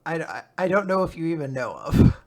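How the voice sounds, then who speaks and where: A man on a podcast, recapping a manga chapter in casual chat, laughing often, swearing and slipping into quick voices for the characters. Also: fairly high pitch, very animated, creaky, a little mellow.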